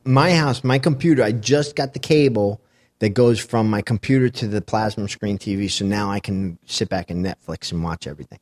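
A man's voice: lowish voice, a little fast, darkish tone. A man in casual chat, telling a rambling story and laughing easily.

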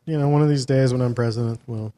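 Blunt, profane podcast host. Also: male voice, mid-range voice, fairly even intonation, quick pace, warm tone. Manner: blunt, profane and opinionated, with sudden outbursts. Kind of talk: casual chat.

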